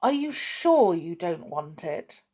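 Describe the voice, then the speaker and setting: A woman doing a quiet, subdued little boy. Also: on the low side, very animated, slow, breathy edge, exaggerated voice. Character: small boy, brave about being left out.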